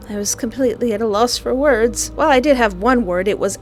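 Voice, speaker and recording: A woman's voice: sits high, animated, moderate pace, faint music behind. A woman reading a visual novel aloud, breaking into dramatic, jokey outbursts between the lines of narration. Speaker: gaming video creator.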